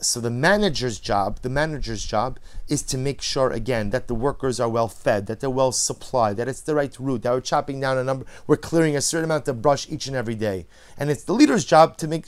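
Man giving an impassioned Torah lecture. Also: mid-range voice. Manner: builds from quiet reflective to loud emphatic, repeats phrases. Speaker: rabbi teaching a Torah class.

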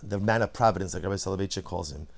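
A man teaching a Torah class, moving from quiet reflection to loud emphatic repetition. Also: deep voice, very fast, vocal fry.

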